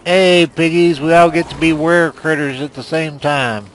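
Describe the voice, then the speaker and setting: A man's voice: on the high side, moderate pace, fairly bright tone, slight background noise. A man casually commenting on a video game as he plays, rambling and self-deprecating, often muttering to himself. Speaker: gameplay commentator. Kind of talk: casual let's play commentary.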